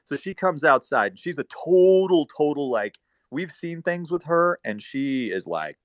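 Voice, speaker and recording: A man telling a long, rambling story in casual talk, profane, swinging between loud bursts and quiet asides. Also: fairly high pitch, very animated, a little slow, no room sound.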